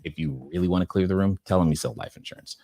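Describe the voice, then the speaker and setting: Quick-paced and deep-voiced, a middle-aged man runs a casual livestream, reading out viewer questions and riffing with relaxed chuckles. The audio is dry with clean studio sound.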